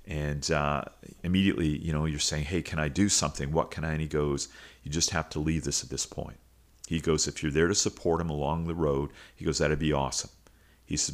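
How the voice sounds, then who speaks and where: Deep-voiced middle-aged coach guy telling a story, earnest, lots of uh and restarts. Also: steady tone, fairly quick. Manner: earnest, reflective, frequent fillers and restarts. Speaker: high school football coach and podcast host. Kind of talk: personal storytelling.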